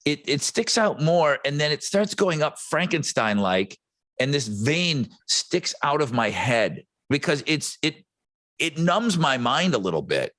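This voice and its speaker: A man co-hosting a music podcast, talking in a rambling, excitable way with frequent restarts. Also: on the high side, measured pace, no room sound. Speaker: podcast co-host. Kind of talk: casual chat.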